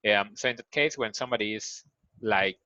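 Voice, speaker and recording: A man with a Spanish accent, a native Spanish speaker teaching an English lesson. He explains slowly, repeats key phrases and acts out example lines. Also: on the low side, sharp tone, no room sound. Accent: Mexican Spanish. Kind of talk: recorded online grammar lesson. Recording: dull lo-fi sound, dry.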